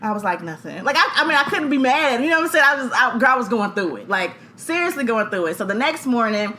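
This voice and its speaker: A woman, co-hosting a podcast and telling a story, animated and laughing, acting out voices. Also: a little high, fast. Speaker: podcast co-host. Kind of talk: casual storytelling chat.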